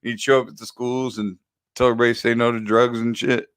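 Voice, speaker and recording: A man's voice: mid-range voice, flat delivery, fast, fairly bright tone, clean tone, no echo. Profane, candid man on a podcast. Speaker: podcast co-host. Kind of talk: casual podcast chat.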